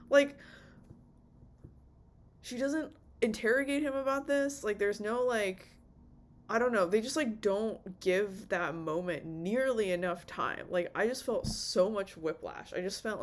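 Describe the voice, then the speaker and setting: Young woman ranting about a show on her vlog, rambly, swears a ton, plays out the lines. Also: medium pitch. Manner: rambling, swears a lot, acts out characters' lines. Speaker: vlogger reviewing a TV series. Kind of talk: off-the-cuff casual review.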